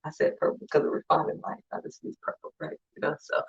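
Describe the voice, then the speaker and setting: A woman's voice: sits high, very animated, dull audio. A woman speaker giving a conversational, emphatic motivational talk to an online audience. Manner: conversational and emphatic, acting out friends in quick asides. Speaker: conference speaker.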